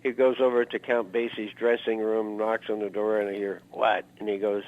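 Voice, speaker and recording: A man in his seventies spins long, meandering stories, leaning on "uh" and "you know" as he goes. His voice sits fairly low. The sound is thin and narrow, like a phone line. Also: level tone, fairly quick. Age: 70s. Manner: rambling, anecdotal, lots of "uh" fillers. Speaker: guest musician. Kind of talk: reminiscing interview storytelling. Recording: narrow phone-like interview audio.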